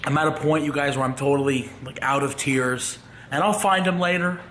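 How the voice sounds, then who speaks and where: A grieving man talking to his viewers in a halting, heartfelt farewell vlog. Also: mid-range voice, steady tone, a bit bright, slight background noise. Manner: halting, grief-stricken. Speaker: vlogger.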